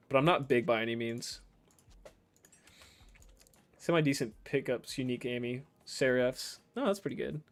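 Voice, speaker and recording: A young man from the States chats loosely while streaming, reading messages aloud and riffing on them. His voice sits at an ordinary middle pitch, and he laughs often and swears without a second thought. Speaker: game streamer. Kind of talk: casual chat while reading viewer messages.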